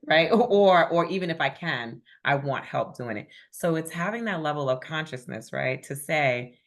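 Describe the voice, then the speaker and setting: A woman's voice: deep voice, moderate pace, few pauses. A woman facilitating a spiritual group call, affirming members and reading chat comments aloud.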